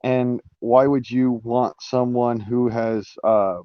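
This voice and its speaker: A man's voice: mid-range voice, steady tone, takes it slowly, no room sound, muffled recording. Rambling man on a live stream. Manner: rambling, many restarts and fillers, swearing. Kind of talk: casual live-stream monologue.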